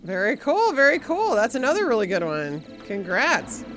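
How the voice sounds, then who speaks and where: A woman streamer talks her way through a puzzle game, her pitch swinging up and down as she chats. She swears freely and stops to thank viewers. Game music plays clearly behind her. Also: wildly swooping pitch, normal speed. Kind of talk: casual live-stream game commentary.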